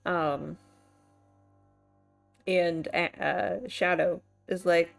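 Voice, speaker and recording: A woman's voice: lowish voice, fairly even intonation, extremely slow, gravelly, faint music behind. A woman narrating as game master of a tabletop game, rambling with many fillers. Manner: rambling, filler-heavy, amused.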